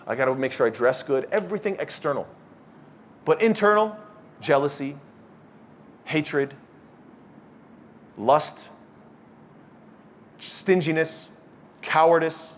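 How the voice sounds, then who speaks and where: A man giving a youth halaqa talk, animated, acting out imagined speakers with emphatic rises. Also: on the high side. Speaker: preacher.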